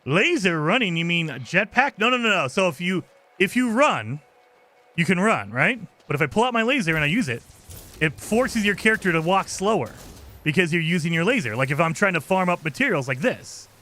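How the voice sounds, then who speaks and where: A man's voice: sits high, bright, forceful tone. A man streaming a game, chatting and explaining his moves as he plays, grumbling when things go wrong. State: out of breath at times while running. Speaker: gaming streamer. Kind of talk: casual gameplay commentary.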